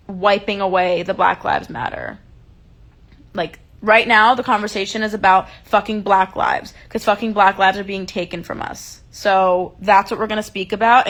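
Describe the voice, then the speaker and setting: A woman with a mid-range, fairly bright voice hosts a casual livestream chat, speaking into a phone held close. She talks heatedly and emphatically and swears often.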